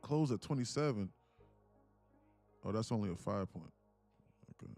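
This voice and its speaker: A man live-streaming futures trades, talking fast and loose with lots of fillers as he explains charts. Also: fairly low pitch, soft background music. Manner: rambling, heavy use of "like", animated. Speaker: day trading streamer. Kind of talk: live trading stream talk.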